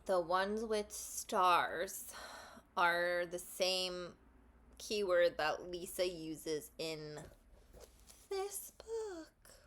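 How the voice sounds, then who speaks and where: A woman's voice: lowish voice, a bit bright, a little hiss or hum. A woman hosting a casual tarot vlog, talking in a rambling, chatty way with asides about herself. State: just ate lunch, burpy. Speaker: tarot channel host.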